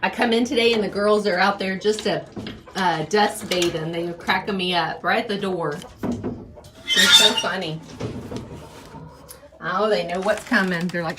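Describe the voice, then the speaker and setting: A woman's voice: medium pitch, fairly even intonation, unhurried, pauses often, heavy background noise. A woman chatting casually to camera while doing chores outdoors, laughing often. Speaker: vlogger, homesteader. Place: outdoors by a chicken coop. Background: chickens and a rooster.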